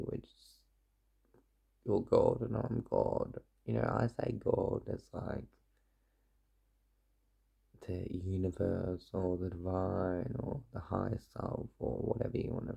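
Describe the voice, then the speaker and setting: A man's voice: deep voice, gravelly, dark tone, husky. A young man chatting casually to camera, rambling and swearing freely, in a playful put-on accent. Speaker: vlogger.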